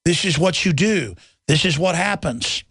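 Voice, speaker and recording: A man's voice: a little high, animated, a little slow, a bit bright, slightly rough, dry recording. A man hosting a radio talk show in a studio, delivering a rambling, combative monologue and mocking his critics in put-on voices. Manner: combative, mocking, swerves into sneering impressions of critics.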